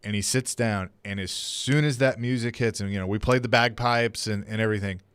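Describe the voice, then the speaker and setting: A man's voice: fairly low pitch, a little fast, smooth, dry recording. A man co-hosting a radio show, telling a wrestling story in casual chat and acting out the quotes. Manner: animated storyteller, acts out quotes. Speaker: radio co-host and producer. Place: radio studio.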